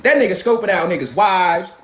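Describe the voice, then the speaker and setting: A man's voice: high-pitched, animated, a little fast, fairly bright tone. A man in a profane, confrontational ranting monologue, firing rhetorical questions. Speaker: commentator.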